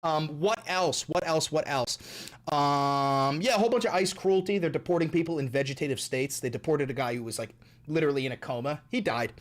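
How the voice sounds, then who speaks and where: Young male streamer, slightly high voice, angry, swearing rant that repeats itself. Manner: angry, profane, repetitive. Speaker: livestream host. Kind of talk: political livestream rant.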